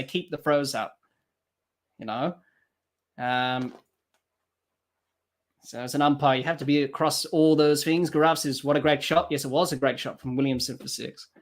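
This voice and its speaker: A man doing live cricket commentary for a podcast, rising excitedly on the play and dropping quiet to read viewer comments. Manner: lifts pitch and volume for the action, drops low to read comments and chat.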